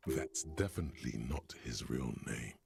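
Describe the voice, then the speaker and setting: Gravelly, deep game narrator. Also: male voice, animated, moderate pace, a little mellow, no room sound, exaggerated voice. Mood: calm. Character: grave older male game narrator, inner voice. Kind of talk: video game voice acting.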